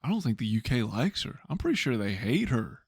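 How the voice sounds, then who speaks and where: A man's voice: medium pitch, very animated, brisk, creaky, darkish tone, husky, no echo, clean studio sound. A man co-hosting a podcast in casual chat, blunt and exasperated as he rants. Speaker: podcast co-host.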